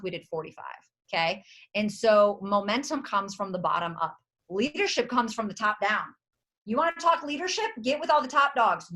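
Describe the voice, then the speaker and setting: A woman runs a leadership call for her sales team, her voice bright and ringing. She talks fast and emphatic, repeats her mission lines again and again, and her pitch leaps up when she gets excited. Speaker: network marketing team leader. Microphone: video or conference call.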